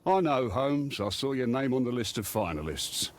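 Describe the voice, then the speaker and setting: An actor playing a sarcastic, impatient police inspector in a mystery game, with a dry, mocking manner. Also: male voice, medium pitch, lively intonation, normal speed, slight background noise, lightly acted. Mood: brusque, sarcastic.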